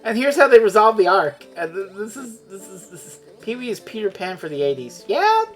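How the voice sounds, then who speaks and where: A woman's voice: mid-range voice, sing-song, brisk, soft background music. A woman from Europe chatting casually while streaming a game, rambling, sarcastic and profane, often tripping over her words.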